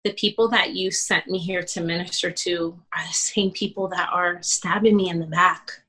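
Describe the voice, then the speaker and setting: A woman with a bright, clear voice recounting a hard chapter of her life as a pastor's wife. She tells it candidly and with feeling. She swings between soft, hushed moments and lively, animated quoted dialogue, with laughs along the way. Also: fairly low pitch, normal speed, poor audio. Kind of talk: candid personal storytelling.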